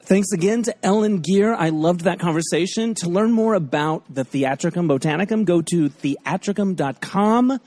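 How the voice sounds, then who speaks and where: A man's voice: high voice, normal speed, hardly any pauses, darkish tone, no room sound. A man hosting a podcast, talking casually and enthusiastically with lots of fillers, his voice a bit scratchy. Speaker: podcast host. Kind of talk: casual chatty monologue.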